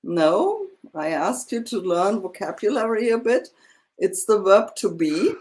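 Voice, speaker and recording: A teacher, patiently tutoring one student, slow and full of fillers. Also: mid-range voice, big pitch swings, a little mellow. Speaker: German teacher. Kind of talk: one-on-one language lesson.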